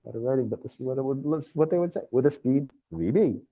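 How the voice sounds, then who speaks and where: A man teaching physics to a live online class, his voice mellow and relaxed. He thinks aloud as he goes, reads formulas out slowly and drops casual asides. He sounds like he is talking into a computer mic on a video call. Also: mid-range voice, poor audio.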